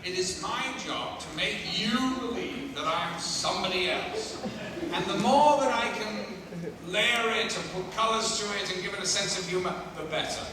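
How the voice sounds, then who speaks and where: A man in his sixties, a guest at a convention panel, telling stories to an audience with lively, profane mimicry. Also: high voice, normal speed, noisy background. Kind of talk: storytelling Q&A with audience. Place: large convention hall. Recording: echoey hall from far off with loud crowd.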